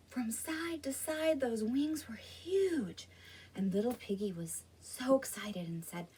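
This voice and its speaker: Woman running kids' story yoga, animated cues, husky, mic far away. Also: fairly high pitch, slow. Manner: animated, coaching children through poses. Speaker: children's librarian leading storytime yoga.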